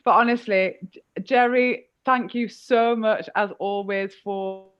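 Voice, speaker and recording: A woman's voice: fairly high pitch, steady tone, unhurried, clean tone, dry recording, muffled recording. A woman hosting a live online fundraiser, self-deprecating and grateful. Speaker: host. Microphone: video call.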